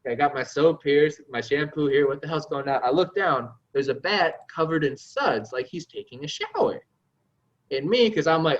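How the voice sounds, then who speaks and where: A man from New York telling a story in an animated, profane, self-mocking way, on a podcast call. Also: on the high side, normal speed, dull audio. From New York, USA. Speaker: podcast guest. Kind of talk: casual storytelling.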